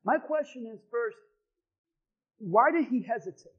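High-voiced pastor preaching with fire. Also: male voice, lively intonation, unhurried, husky, highs cut off. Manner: impassioned preaching, swinging between hushed asides and shouted refrains. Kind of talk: sermon.

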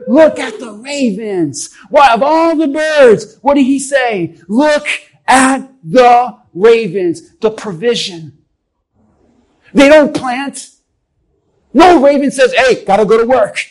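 A man's voice: very high-pitched, lively intonation, slow, a little mellow, low-quality recording. A man preaching a sermon as a pastor, emphatic and calling on the congregation to respond.

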